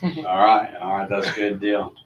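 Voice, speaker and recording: A man chairs a committee meeting in a friendly, rambling way, often stopping to apologize. His voice sits a little low and comes from some distance in an echoey meeting room, with a faint hiss underneath. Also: little pitch movement, moderate pace, lo-fi sound.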